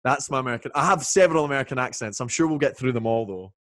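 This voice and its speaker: A man with a Scottish accent, a guest in a casual video-chat interview, talking in a relaxed, jokey way with plenty of ums and restarts. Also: mid-range voice, very fast, no room sound, studio quality. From Scotland. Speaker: whisky brand ambassador guest. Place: home, indoors. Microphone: video call.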